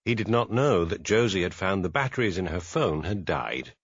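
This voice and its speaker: A man narrating a mystery audiobook in expressive scripted narration. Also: low-pitched, moderate pace, breathy edge, no echo, muffled recording. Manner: expressive storytelling.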